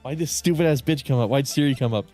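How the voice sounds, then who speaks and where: A man's voice: mid-range voice, fast, warm tone, soft background music. A man streaming a video game in casual commentary, joking, swearing a lot and laughing often. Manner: profane, joking, frequent laughter. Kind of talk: casual gaming livestream commentary.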